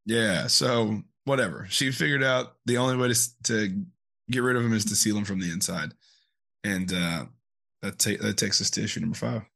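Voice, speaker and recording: A man's voice: lowish voice, gravelly, bright, forceful tone. A man co-hosting a casual podcast about comics, laughing often and stumbling a little when reading aloud. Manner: laughs often, reads synopsis haltingly. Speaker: podcast co-host. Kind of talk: casual chat.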